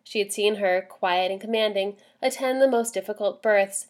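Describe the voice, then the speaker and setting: A woman reading a novel aloud in a measured storytelling manner. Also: medium pitch. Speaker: story reader.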